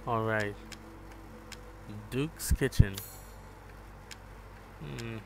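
A man giving relaxed live gameplay commentary, chatting with viewers and calling them bro. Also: mid-range voice, drawn-out words, gravelly, music in the background. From Jamaica. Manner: laid-back, chats with viewers, calls them bro. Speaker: gaming streamer.

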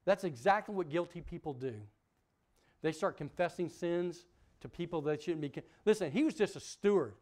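A male pastor preaching with a slightly higher voice than most men. He swings from loud, punchy peaks down to quiet asides and keeps asking the congregation rhetorical questions. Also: moderate pace. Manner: emphatic preaching with sudden loud peaks and soft drops. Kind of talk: sermon.

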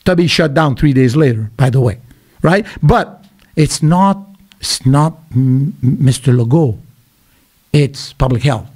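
A middle-aged man from Quebec, telling stories as a podcast guest in an animated, emphatic way with blunt asides. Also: mid-range voice, unhurried. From Quebec, Canada. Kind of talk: casual podcast conversation.

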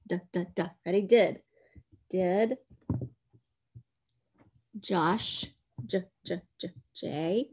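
A woman teaching a phonics lesson to children, slowly and patiently sounding out letters and words. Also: lowish voice, husky.

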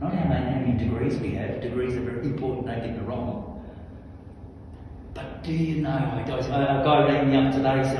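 A man preaching a charismatic sermon, fervent, swinging from soft asides to loud commanding shouts. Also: medium pitch, a little hiss or hum. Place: large hall with long echo. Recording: echoey hall from far off, faint ambience.

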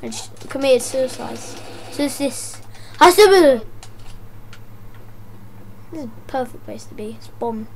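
High-voiced woman yelping through gameplay. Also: lively intonation, slow, long pauses, slight background noise. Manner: jokey, yelps and shouts at scares. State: voice worn out. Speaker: gameplay commentator. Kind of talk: casual let's-play commentary.

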